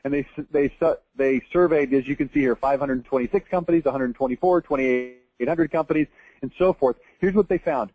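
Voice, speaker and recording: A man's voice: medium pitch, fairly quick, darkish tone, dry recording, rough recording. A man in his forties from Texas, giving a blunt, emphatic marketing tutorial over a screen share, with mocking asides. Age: 40s. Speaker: marketing presenter.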